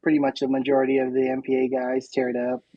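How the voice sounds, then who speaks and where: A woman's voice: a bass voice, completely flat delivery, fast talker, warm tone, no echo, dull audio. A woman guest on a podcast, a chatty, self-deprecating storyteller in casual conversation. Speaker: podcast guest, competitive shooter.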